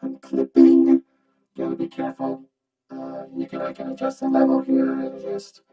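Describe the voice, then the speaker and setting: A man's voice: very high-pitched, wildly swooping pitch, moderate pace, creaky, husky, muffled recording, soft background music. A man demonstrating a vocoder in his home basement studio, rambling and thinking aloud through a robotic vocoder voice. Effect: vocoder robot voice played from a keyboard. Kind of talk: casual gear demo. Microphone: separate small vocoder mic. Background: synth chords from his keyboard.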